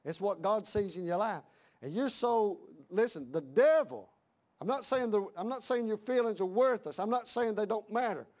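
A middle-aged man preaches in a church with a high, ringing voice. He hammers his points home by repeating lines and climbing into shouts, a pastor in full fire. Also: lively intonation, normal speed. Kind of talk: fiery sermon.

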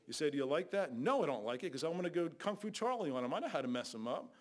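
A man's voice: animated, fast. Fiery older male preacher, raised voice. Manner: loud, scolding, shifts between shouting and low asides. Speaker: guest preacher. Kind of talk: fiery Bible sermon.

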